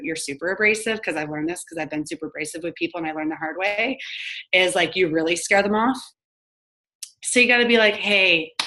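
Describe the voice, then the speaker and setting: A woman's voice: lowish voice, bright, forceful tone. Chatty young woman coaching a sales team. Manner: chatty, fast, acts out sample phone calls with lots of "like". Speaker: network marketing team trainer. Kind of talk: casual training talk on a call.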